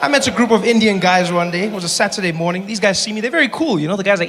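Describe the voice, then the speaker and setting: A man performing a stand-up comedy set, telling stories with animated impressions. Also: sits high, racing, crowd noise. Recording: large hall, loud audience, noisy.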